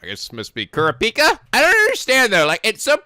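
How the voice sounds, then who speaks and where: High, lively male reaction host, bright voice, dry close mic. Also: quick pace, no room sound. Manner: animated, laughs often, swears, exclaims. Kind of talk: casual reaction commentary.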